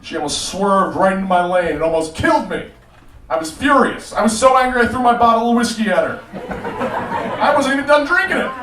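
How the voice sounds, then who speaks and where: A man performing a stand-up comedy set with a punchy, animated delivery on a live club stage. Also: high-pitched, brisk, a little hiss or hum. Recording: roomy club sound, mic at a distance. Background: audience laughter.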